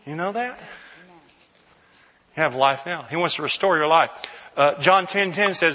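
A man preaching a sermon, reading scripture slowly and rising to shouted emphasis. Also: on the high side. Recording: long hall reverb.

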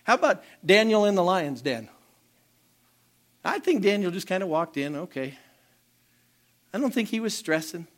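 A man preaching a sermon as pastor, animated and calling out to the congregation for responses. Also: high voice, normal speed, pauses often.

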